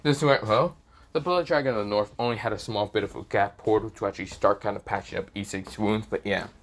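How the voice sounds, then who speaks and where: Male narrator, improvised fan story narration, rambling and filler-heavy, lowish voice. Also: brisk, a little hiss or hum.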